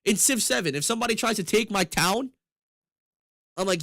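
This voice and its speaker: A man's voice: sits high, lively intonation, a bit bright, no echo. A young man live streaming, chatting loosely and profanely with viewers between laughs. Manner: loose, profane, fast-shifting banter with laughs. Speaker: gaming streamer.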